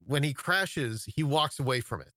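Man, podcast guest, casual chat, bright voice, dry close sound, hesitant with fillers. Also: mid-range voice, lively intonation, normal speed, no echo. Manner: hesitant, full of fillers and restarts. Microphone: video call.

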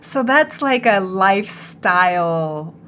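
A woman's voice: medium pitch, expressive, slow, fairly bright tone, a little hiss or hum. A woman with an American accent co-hosting a podcast in casual chat, mixing Japanese into her English. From United States. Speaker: podcast co-host.

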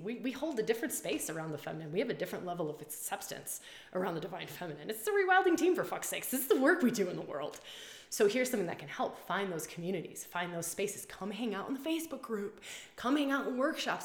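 Woman hosting a casual live stream, animated and blunt, repeats herself, roomy echo. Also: medium pitch. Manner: animated, swears freely, repeats phrases. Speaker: women's circle and retreat leader.

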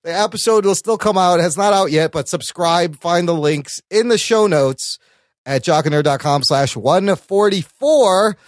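A young man from the Chicago area hosting a casual podcast chat, animated and laughing often. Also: high-pitched, a little slow, no room sound, clean studio sound. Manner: animated, laughs often, slips into funny voices. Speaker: podcast host.

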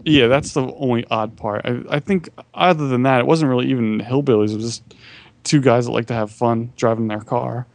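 Podcast co-host: mid-pitched man, earnest and halting, dry close sound. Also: steady tone, dry recording. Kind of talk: casual chat.

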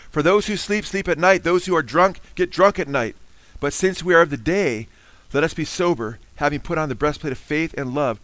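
A man's voice: fairly high pitch, fairly bright tone, no room sound, rough recording. Man preaching with repeated amens. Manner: preaching with frequent call-outs for amen; reads scripture aloud, then explains it. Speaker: pastor. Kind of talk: sermon.

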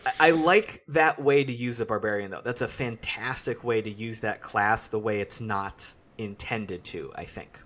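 A man hosting a casual podcast discussion, explaining things in a steady, analytical way. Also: on the low side, moderate pace, few pauses. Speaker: podcast host.

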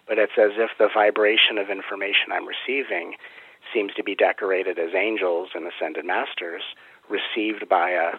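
A man's voice: low voice, fairly even intonation, moderate pace, slightly rough, no room sound. A man answering interview questions in earnest, flowing explanations about spiritual matters. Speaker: spiritual teacher and guest. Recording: tinny phone-like line.

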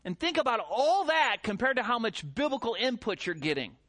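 A middle-aged man preaching a sermon as pastor, animated, with rhetorical questions and mimicked voices. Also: very high-pitched, brisk.

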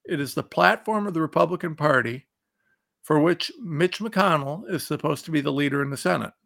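A man's voice: fairly high pitch, brisk, vocal fry, fairly bright tone. A man hosting a political commentary show, ranting angrily and reading out quotes between insults. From Ohio. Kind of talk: fired-up political commentary monologue.

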